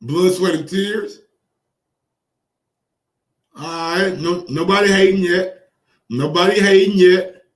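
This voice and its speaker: A man with a high voice hosts casual boxing commentary, talking in an excitable, profane way and circling back over the same phrases. He sounds set back from the mic in a roomy, echoing space. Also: takes it slowly, long pauses, far from the mic. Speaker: boxing commentary channel host.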